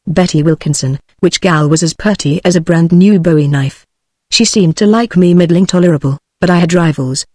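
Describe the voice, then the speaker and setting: A woman's voice: lowish voice, dry recording, studio quality. Synthetic British woman reading a book. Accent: British English. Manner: even, machine-read delivery. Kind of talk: text-to-speech audiobook narration.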